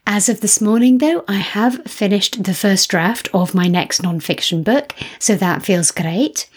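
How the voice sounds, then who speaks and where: A middle-aged woman hosting a solo podcast, speaking in a gentle, reassuring way with slightly low energy. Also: animated, measured pace, slightly rough. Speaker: podcast host.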